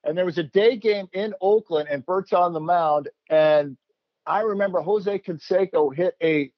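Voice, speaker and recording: A man hosting a casual chat, telling an animated story, laughing and acting out quotes. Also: sits high, normal speed, no echo. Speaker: host, former player. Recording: dull, lo-fi dry sound.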